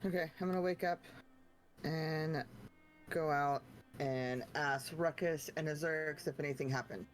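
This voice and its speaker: A woman's voice: sits low, fairly even intonation, a little slow, soft background music. A woman playing a tabletop game, casual and playful, voicing her own character. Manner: playful, laughing. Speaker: player.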